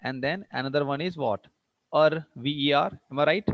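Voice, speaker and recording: In a dull, dry lo-fi recording with no room sound, an English teacher lectures his class on word stress in a slightly high voice at normal speed. He repeats points and restarts to stress them, frequently asking whether students are following.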